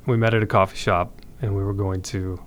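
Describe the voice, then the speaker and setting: A man's voice: deep voice, little pitch movement, brisk, a little hiss or hum. A man, a podcast guest, telling his conversion story in an earnest, reflective way with frequent restarts.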